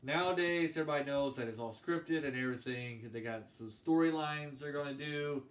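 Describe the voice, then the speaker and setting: A man's voice: fairly high pitch, a little fast. A man giving a casual, rambling opinion monologue about wrestling, who gets worked up and indignant. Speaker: wrestling commentator vlogger. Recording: echoey room, mic far off, faint hiss.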